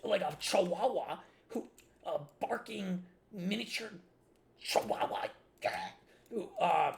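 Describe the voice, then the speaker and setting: A man's voice: high-pitched, animated, unhurried, vocal fry. A man in his twenties telling a long personal story in a rambling, casual way, full of filler words. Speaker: streamer.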